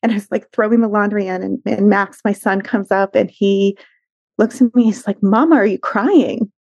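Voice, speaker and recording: An earnest, tender middle-aged woman speaking as a therapist guest. She tells her story in a close, dry sound with no room echo. Her pitch sits in the usual middle range, and she slips into quoted voices as she goes. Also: level tone, normal speed, creaky, a little mellow. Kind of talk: conversational storytelling.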